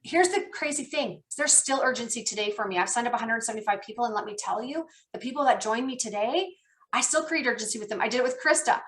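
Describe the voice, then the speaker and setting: A woman trainer on a team call, talking with an excited, animated storytelling manner. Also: on the high side, quick pace. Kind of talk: enthusiastic coaching chat.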